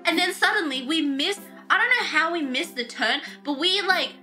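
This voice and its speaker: A woman with an Australian accent in casual chat, animated and laughing often, mimicking other voices. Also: very high-pitched, normal speed. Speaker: streamer. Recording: music behind the voices.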